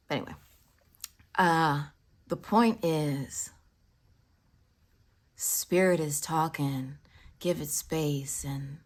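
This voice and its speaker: Low, husky-voiced woman storyteller. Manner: drops into whispers for emphasis; reflective, spiritual musing. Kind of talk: casual spoken storytelling.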